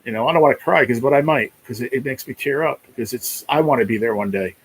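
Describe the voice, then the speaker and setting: A man's voice: medium pitch, fast, a little hiss or hum, low-quality recording. A man hosting a casual live stream, talking in a rambling, emotional way, full of "you know", and close to tears. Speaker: livestream host.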